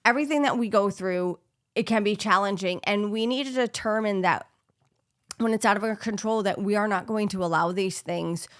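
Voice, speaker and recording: A woman co-hosts a relaxed faith-based talk show, speaking briskly in a mid-range voice. She sounds earnest and encouraging and now and then quotes scripture.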